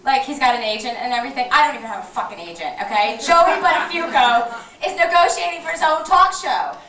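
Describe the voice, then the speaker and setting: A woman's voice: high-pitched, lively intonation, quick pace, bright, forceful tone. A young woman doing a stand-up comedy set in a small venue, brash, profane and self-mocking, taped on a camcorder from the audience. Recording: echoey room taped from far off.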